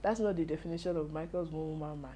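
A young Nigerian woman giving casual, animated commentary on a reality show, with Pidgin asides. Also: sits low, very fast, slight background noise.

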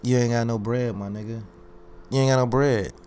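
A man's voice: mid-range voice, steady tone, moderate pace, a little mellow, slight background noise. Boastful, confrontational male vlogger. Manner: boastful and confrontational, repeats phrases for emphasis. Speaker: YouTube commentary host. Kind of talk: unscripted ranting commentary.

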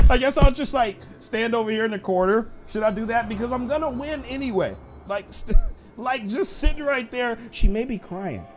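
A man giving excited, playful gameplay commentary as a gaming YouTuber, teasing and laughing often. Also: very high-pitched, normal speed, soft background music.

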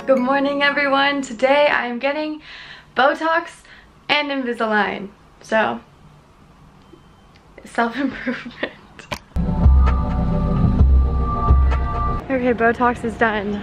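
A woman's voice: high voice, steady tone, measured pace, pauses often, music in the background. A woman in her twenties chatting casually to camera as a vlogger, talking loosely with lots of "like" fillers. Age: 20s. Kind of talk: casual vlog chat.

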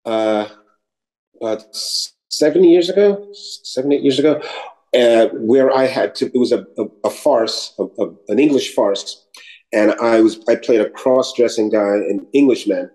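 Animated New man telling stories. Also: mid-range voice, normal speed, low-quality recording. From New York City. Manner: animated storyteller, slips into accents and voices. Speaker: actor guest. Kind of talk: casual interview chat.

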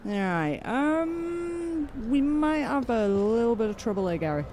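Joking gamer thinking aloud. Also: male voice, very high voice, sing-song, a little slow, background noise. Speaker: let's play gamer. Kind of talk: casual gameplay commentary. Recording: game sounds and music behind.

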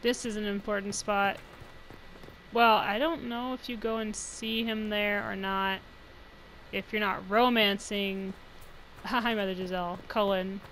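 A woman's voice: mid-range voice, fairly even intonation, unhurried, a bit bright, a little hiss or hum, poor audio. A young woman giving chatty, rambling let's play commentary, laughing often. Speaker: gaming channel host.

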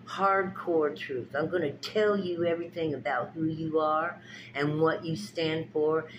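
A woman with a deep voice delivers a slow, drawn-out spiritual pep talk and tarot reading, addressing her viewers directly in an emphatic, preachy, folksy style and repeating her phrases. The audio sounds dull, with steady background noise running beneath her.

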